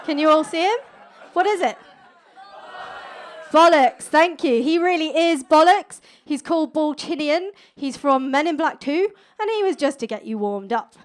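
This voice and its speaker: A woman's voice: sits high, expressive, some chatter behind, slight background noise. A young woman doing a playful, cheeky stand-up comedy set on stage before a live audience. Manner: playful, cheeky, quick with jokes.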